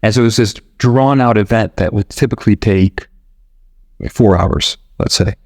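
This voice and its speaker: A man from the United States hosting a podcast, talking in a relaxed, rambling way with restarts and quoted asides. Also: lowish voice, normal speed, no room sound, clean studio sound. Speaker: podcast host. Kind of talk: casual explanatory monologue. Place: living abroad in Argentina.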